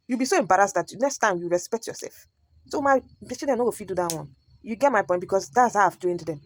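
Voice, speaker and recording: Quick-talking Nigerian woman host. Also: mid-range voice, animated, fairly bright tone, dry recording. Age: adult parent. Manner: chatty, mixes pidgin, storytelling. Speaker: reaction video host. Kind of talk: casual reaction commentary.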